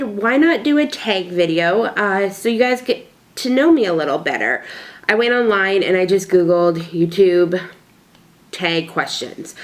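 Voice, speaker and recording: A young adult woman chatting casually at home for a tag video, rambling with fillers and asides. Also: mid-range voice. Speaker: vlogger. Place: home alone.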